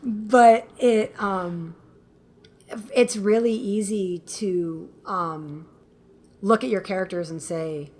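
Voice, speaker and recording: A woman guest filmmaker talking in a casual interview, animated and quick to laugh, acting out what people said. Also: medium pitch. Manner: animated storyteller, laughs often, acts out quotes.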